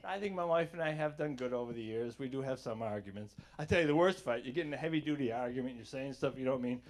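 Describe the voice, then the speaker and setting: A man's voice: medium pitch, fast, few pauses. A man doing a stand-up comedy set on a theater stage, telling sarcastic stories and acting out both sides of arguments. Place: theater stage before a live audience.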